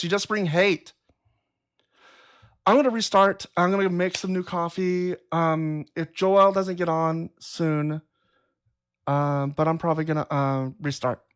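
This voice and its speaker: A woman hosting a live stream, talking casually and replying to chat comments in a blunt, profane, exasperated way. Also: lowish voice. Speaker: livestream host. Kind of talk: casual livestream talk reading chat comments.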